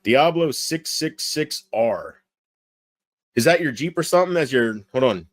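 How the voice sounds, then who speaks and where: A man's voice: mid-range voice, expressive, measured pace, no echo, studio quality. Rambling, crude-talking male streamer. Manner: rambling, crude, swears often. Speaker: livestreamer. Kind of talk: late-night stream, reading chat.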